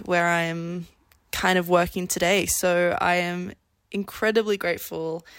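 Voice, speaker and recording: A young woman, a former radio presenter, sounding nasal from a cold and speaking in a grateful, slightly halting way. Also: on the low side, clean tone, no echo. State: sick, nasal voice. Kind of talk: recorded congratulatory message.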